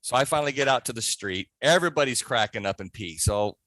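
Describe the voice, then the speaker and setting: Male podcast guest, casual storyteller who does the characters' voices, mid-pitched, dry close recording. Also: quick pace, no echo. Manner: animated, acts out voices in his stories. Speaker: podcast guest, haunt scare actor.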